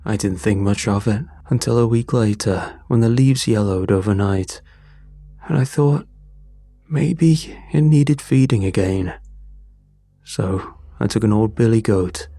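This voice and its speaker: A man voicing a dying old farmer father, hoarse and rasping, confessing weakly in a scripted horror story. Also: fairly low pitch, mellow, no echo, faint music behind. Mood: grim. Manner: weak, halting confession.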